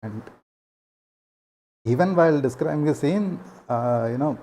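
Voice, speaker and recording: Man, mellow voice, hesitant and heartfelt casual host. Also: a little high, animated, unhurried, pauses often. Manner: emotional, hesitant with many fillers. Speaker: gaming channel host. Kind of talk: casual personal storytelling.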